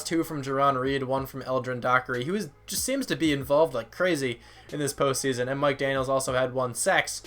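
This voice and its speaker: A man's voice: medium pitch, a bit bright. A tired young man giving casual, rambling commentary on a football video game, reading out stats, his voice sometimes cracking. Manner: rambling, self-deprecating, reads out stats. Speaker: gaming YouTuber.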